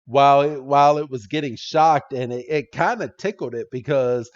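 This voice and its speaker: A man casually recapping a cartoon episode as a podcast co-host, excitable, laughing and swearing freely. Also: medium pitch, moderate pace, dull audio.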